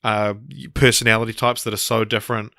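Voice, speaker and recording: Bright, crisp-voiced male podcast host. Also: lowish voice, little pitch movement, a little fast, dry recording, studio quality. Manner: rambling, many ums and restarts. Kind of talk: casual film podcast chat.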